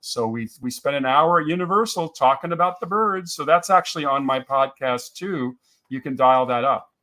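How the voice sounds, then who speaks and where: An older man talks easily as an interview guest, reeling off stories about his work. He laughs often and keeps a relaxed, chatty flow. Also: mid-range voice, normal speed. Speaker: interview guest, film writer and podcaster. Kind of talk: casual interview chat.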